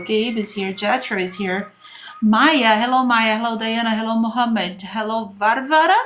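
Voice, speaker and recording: A woman's voice: fairly high pitch, normal speed, fairly bright tone, soft background music. A woman teaching an English grammar lesson on a livestream, chatting with viewers and greeting them by name.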